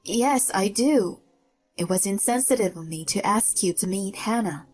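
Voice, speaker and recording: A woman's voice: mid-range voice, animated, moderate pace, darkish tone, breathy edge, faint music behind. A woman voicing a dazed, self-pitying middle-aged husband in a narrated story.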